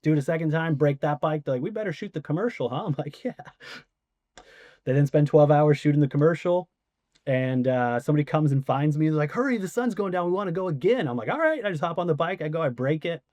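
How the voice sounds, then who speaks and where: A man guest on a podcast, casually telling a story, animated and swearing, acting out quoted voices. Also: on the high side, fast, no echo.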